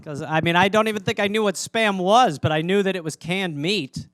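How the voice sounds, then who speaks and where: A man's voice: high voice, brisk, fairly bright tone. A man hosting a podcast, telling a funny story casually and animatedly, acting out the quoted lines. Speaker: podcast host.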